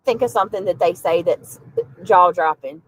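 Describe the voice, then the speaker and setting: A woman's voice: fairly low pitch, normal speed, rough recording. A woman from the American South chatting with viewers on a livestream while riding in a car, rambling and easily sidetracked. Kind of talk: casual livestream chat.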